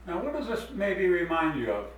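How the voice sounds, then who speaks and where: A man's voice: sits high, wildly swooping pitch, distant mic. Man teaching drawing in an echoey room. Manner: unhurried, explains step by step while drawing. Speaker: art teacher. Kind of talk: drawing demonstration.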